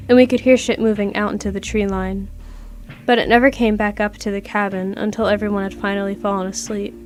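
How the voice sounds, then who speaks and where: A woman narrating a first-person horror story aloud in a casual, conversational way, with plenty of swearing. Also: mid-range voice. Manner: casual, profane, conversational reading. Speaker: creepypasta narrator.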